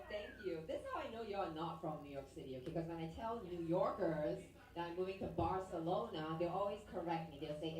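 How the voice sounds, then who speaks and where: A woman's voice: mid-range voice, a little mellow, distant mic. A woman doing stand-up comedy with crowd work, brash and teasing, on a handheld mic at a live music venue. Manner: brash, teasing, acts out characters in bits. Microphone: handheld stage mic. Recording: roomy echo, heard from afar.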